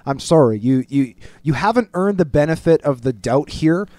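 A man co-hosting a casual sports talk show, opinionated and animated, mimicking quotes in a higher voice. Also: normal speed, no echo. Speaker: sports podcast co-host.

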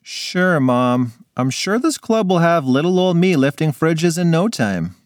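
A man voicing a glum, sarcastic schoolgirl with a flat, mocking delivery. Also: a little high, a little slow, no room sound, studio quality, voice pushed up.

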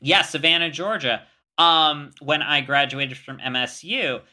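A young man co-hosting a podcast in casual chat, his voice very bright and sitting a touch high. He talks haltingly, with many fillers and restarts. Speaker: podcast co-host.

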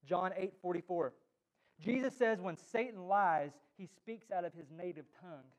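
A pastor preaching a sermon in church, joking and teasing, with sudden loud jabs. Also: male voice, high voice, moderate pace.

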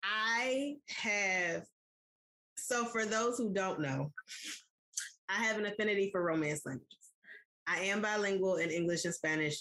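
A woman's voice: medium pitch, measured pace, long pauses, a bit bright. A woman co-hosting a podcast in casual chat, talking straight to her listeners. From United States. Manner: chatty, addresses listeners directly. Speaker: podcast co-host.

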